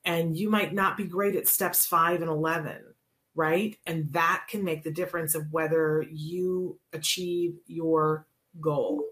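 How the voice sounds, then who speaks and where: Casual host: a woman with a lowish voice who chats and rambles with her audience. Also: steady tone, unhurried. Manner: chatty, rambling, warm asides and self-corrections. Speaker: show host. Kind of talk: casual radio talk show chat.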